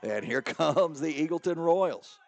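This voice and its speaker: A middle-aged man doing play-by-play commentary for a school soccer match, joking around and bursting into excited high calls. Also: unhurried, vocal fry. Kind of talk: local sports commentary.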